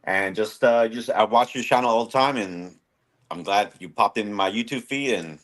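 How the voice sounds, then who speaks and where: Man, 40s, from Southern California, caller, slightly low voice, friendly, halting. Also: a bit bright. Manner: friendly, halting, many fillers. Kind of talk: call-in conversation.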